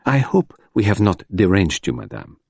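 A man voicing a fastidious elderly detective who speaks in a clipped, formal way with French touches. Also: deep voice, very animated, creaky, darkish tone, slightly rough, dry recording, clean studio sound, heavily acted. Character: fastidious elderly male detective, polite and sharp.

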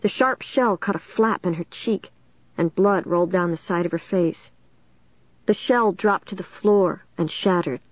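Woman, audiobook narration, first person, measured, dry, muffled lo-fi. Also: lowish voice, dry recording.

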